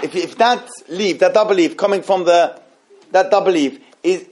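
Higher-voiced man teaching a text class. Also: a little mellow. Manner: explains texts slowly with many restarts and repeated phrases. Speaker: Torah teacher. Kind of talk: halachic class with questions.

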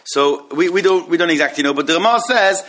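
A man giving a halacha class, reading Hebrew passages quickly and then explaining them in English, often repeating himself. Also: fairly high pitch, lively intonation, fairly bright tone, a little hiss or hum. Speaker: Torah teacher.

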